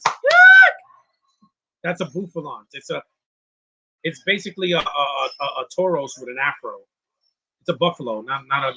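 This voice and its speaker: A man hosts a casual live movie commentary, chatty and opinionated, reading out viewer questions and rambling with frequent restarts and laughs. His voice is medium-pitched, pushed and bright, with slight background noise.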